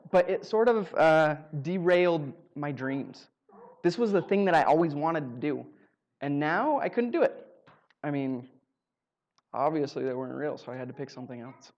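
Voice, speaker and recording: A man with a somewhat high voice tells a personal story before a live audience. He is wry and self-mocking, and he slips into quick acted-out exchanges as he goes. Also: lively intonation, a little mellow. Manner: humorous, self-mocking delivery that acts out dialogue.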